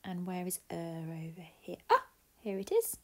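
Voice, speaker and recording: A woman teacher, slowly sounding out words in a phonics lesson and praising pupils. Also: lowish voice, huge pitch swings, darkish tone. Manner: slow, clear and encouraging, sounding out letters. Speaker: primary school teacher. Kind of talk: phonics lesson and reading a story aloud.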